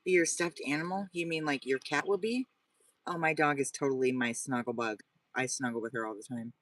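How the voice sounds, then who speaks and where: This is a casual nighttime livestream by a vlogger who lives in his car, shot from inside it as he rambles, repeats himself and talks with chat. His medium-pitched voice is brisk and fairly bright with fairly even intonation, recorded from a distance with no room sound.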